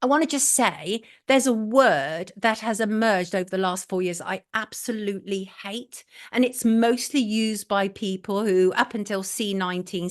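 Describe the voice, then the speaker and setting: A middle-aged Englishwoman with a medium-pitched voice hosts a live online talk show. She is blunt and opinionated, repeating points for emphasis and reading out viewer messages.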